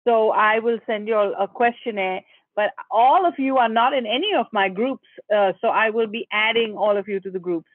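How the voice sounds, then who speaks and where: A host runs through group announcements in a businesslike way, pausing on fillers. The voice comes over a video call and sounds dry and narrow, like a phone line. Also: mid-range voice, no echo.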